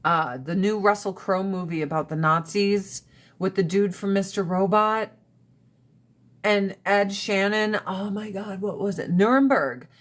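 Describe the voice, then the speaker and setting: A woman's voice: medium pitch, unhurried. Blunt, profane woman chatting on a live stream. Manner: blunt, profane and opinionated, rants with rising emphasis. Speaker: livestream host. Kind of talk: casual livestream chat.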